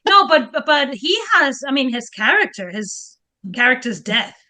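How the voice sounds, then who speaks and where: A woman guest historian in lively casual chat who laughs often and restarts her words. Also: high voice, normal speed.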